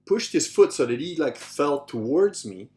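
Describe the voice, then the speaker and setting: A man hosting a podcast, telling stories in a loose, animated way, swearing casually and acting out what others said. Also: fairly high pitch, moderate pace, soft background music. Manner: animated, swears casually, acts out quoted voices. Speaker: podcast host. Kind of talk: casual anecdotal storytelling.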